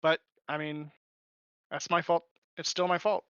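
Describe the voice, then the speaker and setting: A man's voice: on the high side, little pitch movement, measured pace, fairly bright tone, muffled recording, a little hiss or hum. A man leading a gaming guild's raids, talking earnestly in casual voice chat and taking the blame on himself. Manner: earnest, self-blaming. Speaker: guild raid leader.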